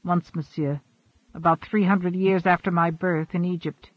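Ageless immortal man, earnest and formal, high-voiced, read by a male narrator, dry dull recording. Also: little pitch movement, normal speed, no echo, close to an everyday voice.

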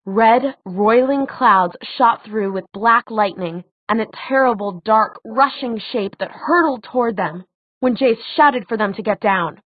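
A woman narrating a fantasy audiobook in a measured, dramatic way. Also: a little high, no echo. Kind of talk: scripted narration. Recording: tinny phone-like dry sound.

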